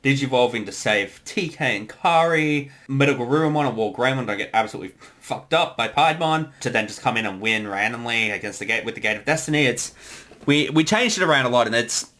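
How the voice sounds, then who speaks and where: A man giving casual creator commentary on an episode he worked on, rambling a little with filler words and quick laughs. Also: mid-range voice, bright, forceful tone.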